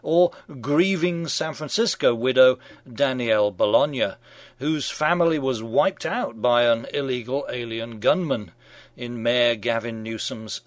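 A man's voice: mid-range voice, no room sound. A middle-aged man hosting a radio show, reading scripted satirical commentary in a wry, mock-genial manner.

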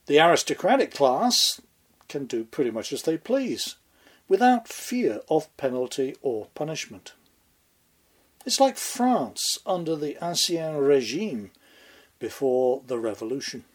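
A man delivering scripted political commentary with dry, sardonic sarcasm and dramatic pauses. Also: fairly high pitch, very animated, husky. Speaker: commentary host.

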